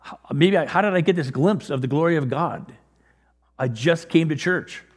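A man preaching a sermon in a conversational way, growing animated as he acts out scripture. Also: fairly high pitch, moderate pace. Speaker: pastor. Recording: long reverb of a large hall.

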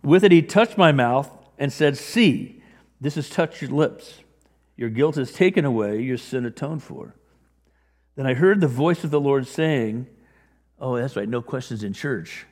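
A man preaching a sermon in a conversational way, growing animated as he acts out scripture. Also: mid-range voice, unhurried. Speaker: pastor. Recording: long reverb of a large hall.

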